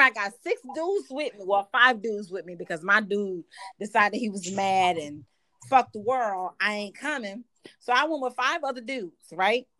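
A young woman telling a story in a brash, profane, animated way. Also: on the high side, no room sound, poor audio. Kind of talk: casual storytelling.

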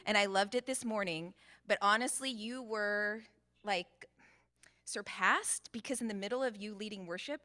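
A woman from the United States, a guest preacher giving a conversational sermon in a church, chatty and informal with frequent ums and quick asides. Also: mid-range voice, pushed and bright. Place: church sanctuary with a congregation, also streamed to Zoom.

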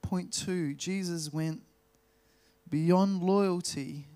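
Male Australian preacher, slightly high voice, relaxed storytelling sermon with slow emphasis. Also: clear, resonant tone. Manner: storytelling, slows down to stress key words. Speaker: pastor.

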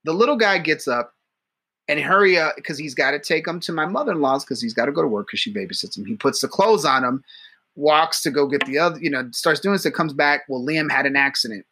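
A man with a bright, forceful tone and a husky, slightly breathy edge, swapping crude stories on a casual podcast. He swears freely and laughs a lot as he talks. His voice sits a bit higher than most men's. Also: a little fast. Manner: profane, storytelling, laughs often. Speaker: podcast co-host.

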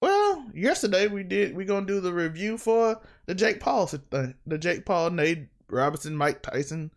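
A man's voice: sits high, big pitch swings. Joking man hosting a podcast. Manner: joking, acts out relatives' voices, quick asides. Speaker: podcast host. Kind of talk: casual chat.

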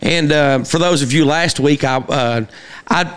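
Male podcast host, slightly high-pitched, loose and meandering, filler-heavy delivery. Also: measured pace, a bit bright, clean tone. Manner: rambling with many fillers and restarts. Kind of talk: casual chat and show shout-outs.

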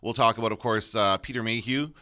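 Bright-voiced male podcast co-host. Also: medium pitch, fast, clear, resonant tone. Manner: chatty, laughs often. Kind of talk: casual chat.

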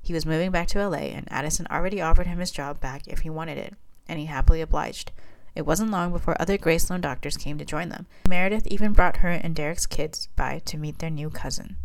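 A woman reads her own fan fiction aloud in a plain, even manner. Her voice sits low. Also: fast, vocal fry, slight background noise. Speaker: reader and writer of fan fiction.

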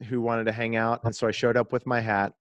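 Animated man telling stories. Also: medium pitch, fairly quick, clear, resonant tone, dry recording, highs cut off. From Kansas, USA. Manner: animated storyteller, laughs often. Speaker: guest, disc golf video creator. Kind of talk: casual podcast chat, storytelling.

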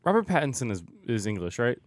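A man's voice: mid-range voice, very animated, quick pace, no echo. A man co-hosting a casual movie review podcast, blunt and casual in his opinions. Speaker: podcast co-host.

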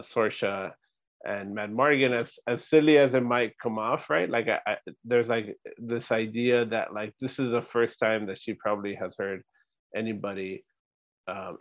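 A man with a low voice thinks out loud about a film's characters, checking in with "right?" as he goes. The audio is dry and a bit muffled, with no room sound. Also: steady tone, moderate pace, no room sound. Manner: reflective, analytical, often adds "right?". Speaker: podcast co-host. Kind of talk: casual rewatch chat.

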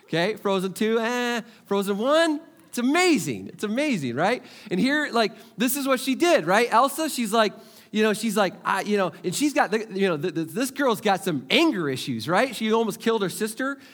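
Bright, high-voiced animated preacher. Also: male voice, moderate pace. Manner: animated preacher, repeats phrases, asks the crowd questions. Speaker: pastor. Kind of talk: sermon.

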